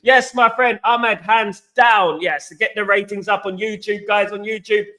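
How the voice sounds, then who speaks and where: A man's voice: sits high, steady tone, a little slow, sharp tone. An English man hosting a casual live stream, chatting to viewers and reading out their comments, calling them guys and mate. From England.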